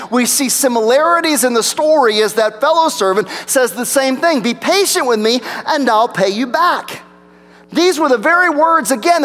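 A pastor preaching a sermon, rising for emphasis and dropping to a low hush. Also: male voice. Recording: long reverb of a large hall.

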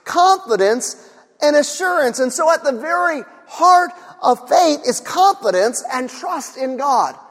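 A man's voice: extremely high pitch, expressive, measured pace, fairly bright tone, in a large hall. A male pastor preaching a sermon, earnest, repeating key phrases for emphasis.

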